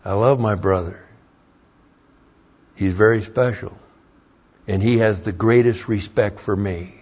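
An older male pastor delivers a sermon in a low, deliberate voice that drifts between homespun storytelling and rising emphasis. He takes his time with every phrase. The recording is dull and lo-fi. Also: a little mellow. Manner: folksy storytelling that rises into emphatic preaching.

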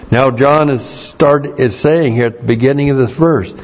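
A man preaching a Bible teaching sermon, explaining Greek words slowly and spelling them out letter by letter. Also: on the high side, a little mellow. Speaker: pastor. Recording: dull lo-fi sermon recording.

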